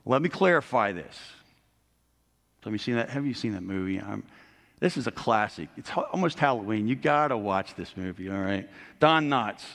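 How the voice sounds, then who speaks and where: A man's voice: lowish voice, expressive, a little fast, vocal fry, a bit bright. A middle-aged man preaching a sermon as a pastor, earnest and rising to emphasis on key points. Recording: long hall reverb.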